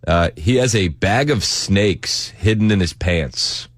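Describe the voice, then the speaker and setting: A man's voice: deep voice, lively intonation, slow, no echo. A man co-hosting morning radio, chatting casually in a dry, teasing way. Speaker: radio co-host.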